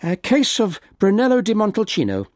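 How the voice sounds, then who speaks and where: A man voicing an earnest, kindly male head of state in a story reading, a touch higher than his narration. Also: wildly swooping pitch, a little fast, no room sound, clean studio sound.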